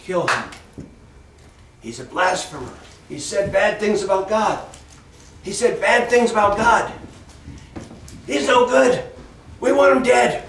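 Man doing a chanting crowd, loud, high voice, roomy echo, faint hiss. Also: slow pace, creaky, pauses often, heavily acted. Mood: angry. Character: shouting crowd of townspeople, excited then angry. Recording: echoey room, distant mic, faint noise.

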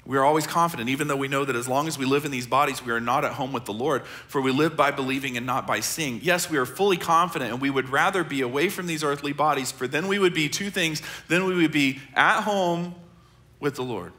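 A middle-aged American man, a pastor, preaching a sermon in a conversational, earnest way, often dropping his voice soft. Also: medium pitch, fast. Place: large church auditorium.

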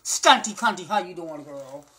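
A woman ranting to her phone camera indoors, campy and profane, calling everyone "girl" and swinging between loud bursts and low muttered asides. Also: expressive, moderate pace. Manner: brash, profane, campy, repeats "girl" and "honey" constantly. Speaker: vlogger. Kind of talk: sassy off-the-cuff rant to camera. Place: indoors, small room. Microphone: phone camera at arm's length.

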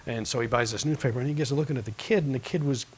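A man's voice: medium pitch, rapid-fire, a little hiss or hum. A man preaching a sermon in a church, telling a story in a folksy, rambling way with many restarts. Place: church sanctuary.

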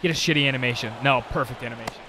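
A man's voice: medium pitch, rapid-fire, background noise. A young man commentating his own baseball video game play, exasperated and talking to himself and his viewers in bursts of frustration. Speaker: gaming channel host. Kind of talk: live gameplay commentary.

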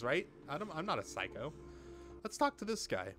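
A young man chats through a game at his home microphone, reading the characters' lines aloud as he goes. His pitch jumps around a lot, and he mocks himself and swears casually when frustrated. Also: sing-song, normal speed, a bit bright, soft background music. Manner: chatty, self-mocking, swears when frustrated. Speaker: let's play gamer. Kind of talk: casual gameplay commentary, reading dialogue aloud. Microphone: home desk mic with pop filter.

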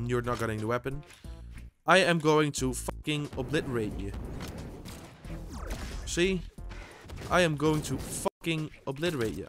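A young man giving excitable gameplay commentary as host, swearing and bursting into sudden yells. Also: mid-range voice. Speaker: gaming channel host.

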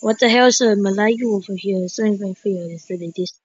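A woman giving excitable gameplay commentary, full of sudden exclamations. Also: mid-range voice, brisk, few pauses, dry recording. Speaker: gaming streamer. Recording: slightly dull lo-fi mic.

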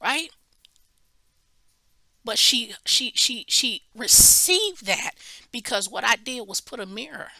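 This woman preacher's voice is a little high and gravelly, unhurried, and recorded dry. She teaches a Bible study through an animated story, acting out its characters and restarting lines for emphasis.

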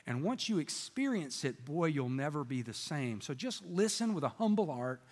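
A middle-aged male pastor delivers a sermon in a church, his voice sitting fairly high for a man. He talks in a folksy, storytelling way, with jokes along the way. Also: sing-song, moderate pace, a little mellow, big-room sound. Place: church sanctuary with congregation.

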